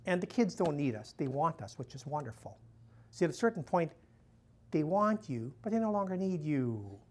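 A man's voice: on the high side, sing-song, moderate pace, breathy edge. A male missionary priest talks to a room full of listeners in a loose, conversational way. He strings his points together as stories and often drops in "you know". When he quotes someone, he lifts his voice to act out the dialogue. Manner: chatty, storytelling, acts out quoted dialogue in a raised voice, frequent "you know". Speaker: missionary priest giving a talk. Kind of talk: conversational lecture to a live audience. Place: room with a live audience.

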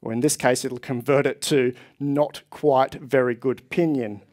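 A man's voice: mid-range voice, steady tone, measured pace, darkish tone. A man giving a technical conference presentation on stage, explaining with enthusiasm and speaking to a live audience.

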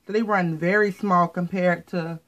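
American woman, chatty fashion vlogger, slightly low voice, casual haul talk, camera mic. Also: fairly even intonation, normal speed, a bit bright, rough recording. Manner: chatty, repeats words, says "you guys" often.

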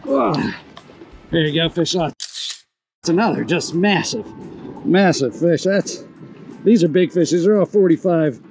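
Speaking from a small boat outdoors, a fishing video host with a distinctly high male voice offers excited commentary on the water, exclaiming and cheering before shifting into instructive pointers on fishing technique. His delivery is unhurried and full of pauses, with music playing in the background of a low-quality recording.

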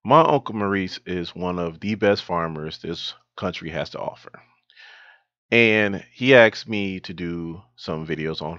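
A man hosting his own video, joking around and then counting down a list in an unhurried way. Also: sits low, fairly bright tone, no room sound, dull audio. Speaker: vlog host.

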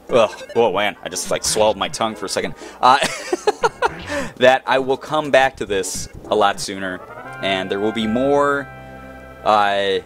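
A man narrating his playthrough in a loose, jokey way, his pitch swinging up and down with lively energy. He talks straight to the game characters as if they were friends. Soft music plays faintly underneath. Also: measured pace. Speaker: let's play gamer. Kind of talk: casual game commentary.

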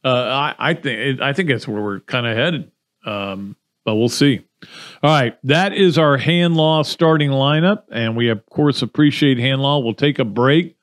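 A man's voice: mid-range voice, a little slow. A man hosting a podcast, giving casual, opinionated sports commentary in a rambling way. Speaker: podcast host.

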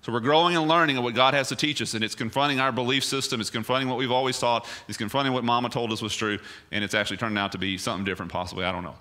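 Bright-voiced male pastor preaching conversationally. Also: medium pitch, steady tone, very fast, hardly any pauses. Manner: conversational preaching with rhetorical questions. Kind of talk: sermon. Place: church.

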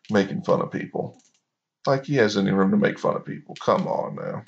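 A man's voice: lowish voice, fairly quick, vocal fry. A man hosting a reaction video, giving sarcastic, mocking commentary. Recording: dull lo-fi recording.

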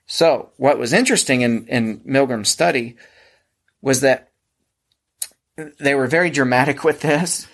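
Pennsylvania guy, gravelly voice, chatty podcast host, restarts his sentences a lot. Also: medium pitch, measured pace, long pauses, fairly bright tone. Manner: explanatory, with frequent restarts. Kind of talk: casual podcast discussion.

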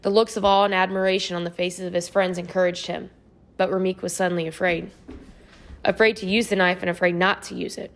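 With a fairly low-pitched voice, a woman narrates an audiobook in a measured, steady storytelling manner. The narration is scripted.

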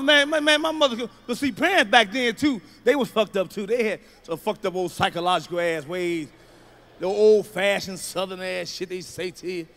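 A man doing stand-up comedy, telling profane, animated stories and acting out shouts. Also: high voice. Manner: profane, loud, animated storytelling with acted-out shouts.

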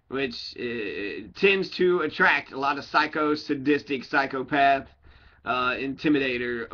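A man's voice: a little high, bright, forceful tone, highs cut off. A man reading a crime book aloud in a casual way, often breaking off for joking tangents and correcting his own slips. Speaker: audiobook reader. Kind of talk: casual read-aloud with rambling asides.

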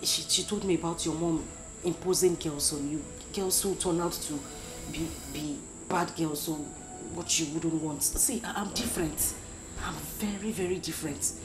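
A woman's voice: sits low, moderate pace, over music, lightly acted, low-quality recording. A woman with a Nigerian accent playing a young woman who stammers as she pleads for a prince's love. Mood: pleading.

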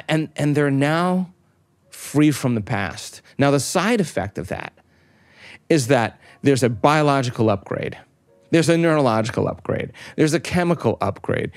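A man's voice: medium pitch, no echo. An emphatic middle-aged man speaks as an interview guest and builds each point through stacked, repeated phrases and questions he answers himself. His voice sits in an ordinary middle register. The sound is dry and close, with no room around it. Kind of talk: explanatory talk.

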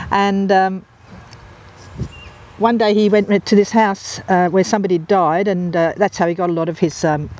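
Filming wild birds on a golf course, an amateur nature videographer from England narrates off the cuff in a mid-range, darkish voice with fairly even intonation, unhurried and pausing often. She wanders between anecdotes with many ums and uhs while birds squawk behind her. Her handheld camera mic makes the outdoor audio a little muffled and dull.

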